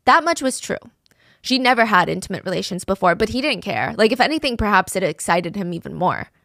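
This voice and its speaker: A woman's voice: medium pitch, expressive, brisk, gravelly, a bit bright, no echo, clean studio sound. A woman telling a true crime story in a casual, conversational way, with fillers like "like" and "I mean".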